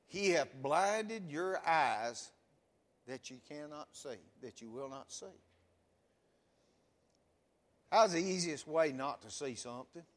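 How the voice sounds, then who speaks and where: A man's voice: fairly high pitch, expressive, measured pace, big-room sound. A man preaching a sermon in a church, asking the congregation question after question with a rising and falling cadence. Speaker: pastor.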